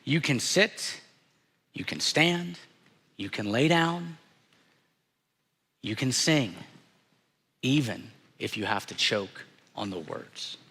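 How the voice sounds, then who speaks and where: Pastor, male, unhurried reflective sermon delivery, crisp bright tone, echoing sanctuary. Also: medium pitch, expressive, slight background noise. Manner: slow, earnest and reflective, dropping softly on hard moments. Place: church sanctuary. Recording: church sanctuary with long reverb.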